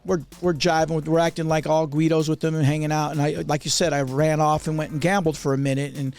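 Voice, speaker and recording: A man hosting a podcast as a DJ, relaxed, steering the chat with prompts. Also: a little high, quick pace, soft background music. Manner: relaxed, guides the talk with prompts. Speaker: podcast host, DJ.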